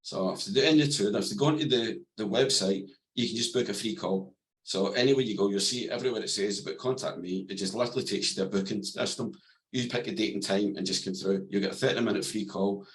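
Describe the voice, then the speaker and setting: A man guesting on a podcast as an NLP coach, calm and plain-spoken, explaining ideas through simple stories. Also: fairly low pitch, fast talker, poor audio. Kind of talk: podcast interview, explaining and storytelling.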